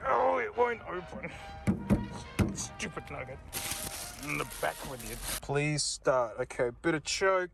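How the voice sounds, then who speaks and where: Hyped aussie guy talking to camera, high bouncy voice, music playing clear behind. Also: unhurried. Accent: Australian. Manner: excitable, chatty, keeps saying mate. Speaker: video host. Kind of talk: on-the-spot vlogging while driving.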